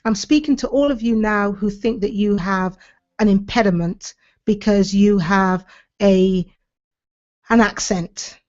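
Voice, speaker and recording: A woman's voice: mid-range voice, a little slow, darkish tone. A woman hosting her own show as a speaking coach, giving a passionate, emphatic motivational talk. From Britain. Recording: slightly dull lo-fi audio.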